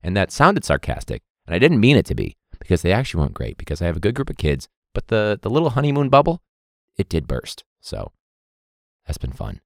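A man's voice: low-pitched, wildly swooping pitch, fairly quick, gravelly, dry recording, studio quality. A man hosting a podcast as a teacher, rambling and joking with plenty of swearing in a casual outro.

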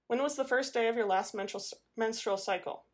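A woman voicing a calm male doctor who asks measured, clinical questions. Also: a little high, close to an everyday voice. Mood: concerned. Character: calm male doctor, concerned father figure.

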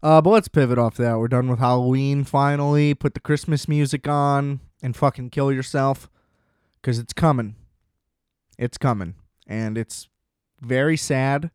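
A man's voice: medium pitch, steady tone, measured pace, darkish tone, clear, resonant tone, dry recording, studio quality. Profane, sarcastic young man ranting. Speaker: podcast host. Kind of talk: casual solo rant.

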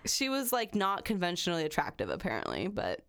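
A woman with a slightly lower voice tells a story on a casual podcast. She rambles easily, laughing often and filling pauses with fillers as she goes. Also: huge pitch swings, fairly bright tone, clean tone. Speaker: podcast co-host telling a true-crime story. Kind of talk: casual chat.

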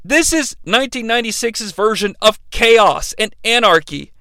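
A man narrates a comedic play-by-play recap with a wry, animated delivery. His voice sits high and swings widely, smooth and resonant. It is recorded close on a dry mic. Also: normal speed, dry recording. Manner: wry, animated, swears casually. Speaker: podcast host.

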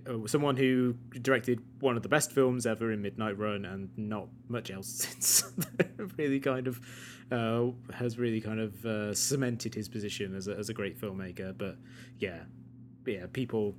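A man co-hosting a casual film chat with wry, dry humor and frequent chuckles. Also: on the low side. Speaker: podcast co-host. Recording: faint hum and noise.

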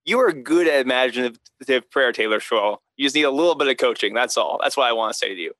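A man co-hosting a podcast in casual chat, earnest and explanatory and quick to laugh, speaking over a remote call. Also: medium pitch, animated, a bit bright, no echo, rough recording. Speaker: podcast co-host. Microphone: remote call mic.

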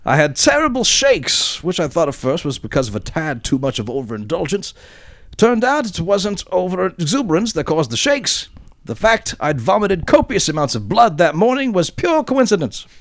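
A podcast co-host reading a listener's letter aloud, doing a deliberately bad British accent for the male writer. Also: sits high, huge pitch swings, no room sound, clean studio sound, voice pushed up, heavily acted. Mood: mock-pompous. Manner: comic exaggerated reading voice.

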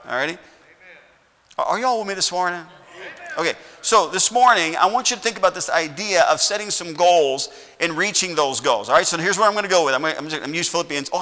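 Casting: middle-aged preacher, bright higher voice, folksy, keeps checking in with the congregation, church echo. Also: male voice. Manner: folksy, keeps asking "all righty?". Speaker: pastor. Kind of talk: sermon. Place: church sanctuary.

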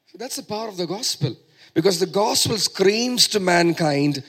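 A male preacher delivering a sermon in a somewhat high voice. He is emphatic and drives his points home by repeating phrases. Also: animated, normal speed, husky.

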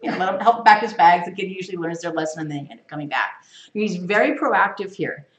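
A woman's voice: fairly low pitch, animated, quick pace. A woman leading a Bible study, teaching in an emphatic sermon style full of rhetorical questions. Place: church. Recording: echoey room, mic far off.

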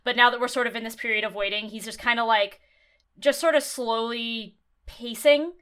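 A woman in a tabletop game chats easily, with hesitant fillers. Her voice is somewhat high, bright and smooth. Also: steady tone, normal speed. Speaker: player. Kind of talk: casual game chat.

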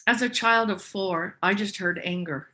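A woman's voice: mid-range voice, normal speed, bright, forceful tone. A woman candidly telling personal stories and reflecting on them as she goes. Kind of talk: personal storytelling.

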